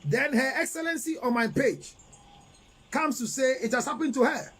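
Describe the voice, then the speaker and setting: Very high-pitched and animated, this middle-aged man's voice has a fairly bright tone and a breathy edge, and he speaks at a normal speed. He's a relationship counselor with a Ghanaian English accent who goes through viewer messages on a live stream, giving advice in an emphatic, lecturing style peppered with rhetorical questions.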